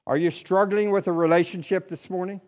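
A male pastor preaching with a high-pitched voice. He swings between loud, urgent appeals and hushed, low asides. His phrases repeat in a steady preaching cadence. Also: fairly quick. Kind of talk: sermon.

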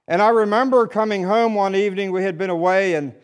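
A male pastor preaching with a high-pitched voice. He swings between loud, urgent appeals and hushed, low asides. His phrases repeat in a steady preaching cadence. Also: fast talker. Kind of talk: sermon.

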